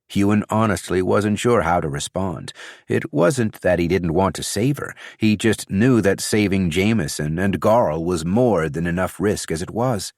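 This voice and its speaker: Guy reading an audiobook, slow and low, kinda lively tone, dead dry booth sound. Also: vocal fry, no room sound. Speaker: audiobook narrator. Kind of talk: scripted narration.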